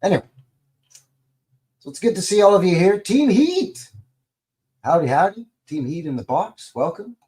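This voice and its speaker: A man's voice: a little high, animated, a little fast, long pauses, warm tone. A middle-aged man from Canada hosting a live stream, chatting casually in a rambling, folksy way. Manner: rambling and folksy, many fillers and restarts.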